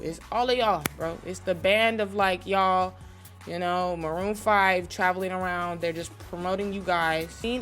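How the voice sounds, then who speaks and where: A woman hosting a basketball commentary channel, ranting with mock-serious sarcasm in a rambling way. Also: medium pitch.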